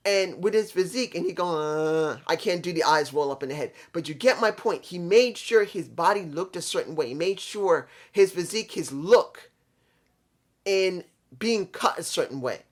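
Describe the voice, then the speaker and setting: Earnest rambling man, middle pitch. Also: expressive, normal speed. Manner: earnest, rambling, repeats himself. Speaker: vlog host. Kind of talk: casual monologue on pro wrestling.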